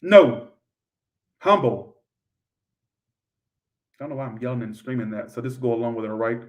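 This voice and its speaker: Blunt, loud-swinging male tarot reader. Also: medium pitch, fairly even intonation, fairly quick, distant mic. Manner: blunt, swears freely, loud outbursts. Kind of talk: live tarot reading.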